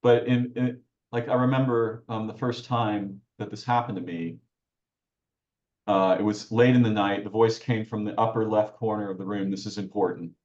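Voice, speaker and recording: A man with a low voice speaks as a podcast guest, working through his ideas aloud and breaking off to restart phrases. The sound is roomy and somewhat dull, with a lo-fi edge. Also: steady tone, normal speed, darkish tone. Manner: searching, self-interrupting, restarts phrases. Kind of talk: reflective conversational talk.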